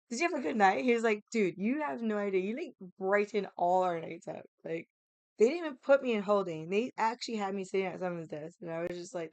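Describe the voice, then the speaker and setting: Animated woman telling a wild story. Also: medium pitch, clear, resonant tone, no room sound. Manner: animated, laughing, swears often, acts out quoted voices. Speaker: vlogger. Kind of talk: casual storytelling.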